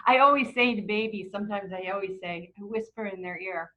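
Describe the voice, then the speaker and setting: A middle-aged woman leading a book club, telling stories in a relaxed way and acting out the quotes. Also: mid-range voice, brisk, few pauses, low-quality recording. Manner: warm anecdotal storytelling with acted quotes. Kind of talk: casual book club talk.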